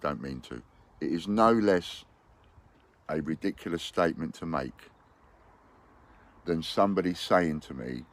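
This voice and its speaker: Man, low voice; blunt, rambling monologue to investors. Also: lively intonation, measured pace, pauses often. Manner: blunt and rambling, with hypothetical quotes. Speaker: business owner addressing investors. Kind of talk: unscripted monologue to camera.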